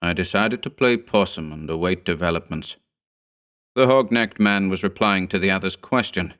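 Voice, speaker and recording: A man narrating a horror story in the first person, with a measured, steady delivery. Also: sits low, clean tone. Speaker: audiobook narrator.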